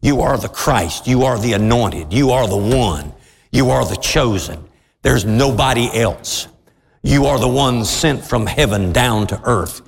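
A male preacher delivers a sermon in slow, deliberate phrases, his pitch swinging widely as he presses each point. His voice sits a little high and carries a long reverb from the church hall around him. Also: expressive, vocal fry, a little hiss or hum. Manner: slow, emphatic preaching that climbs to shouting.

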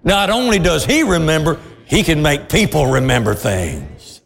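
A man preaching a sermon as pastor, dramatic and storytelling, bursting into shouts now and then. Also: on the high side, big pitch swings, normal speed, vocal fry. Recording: long hall reverb.

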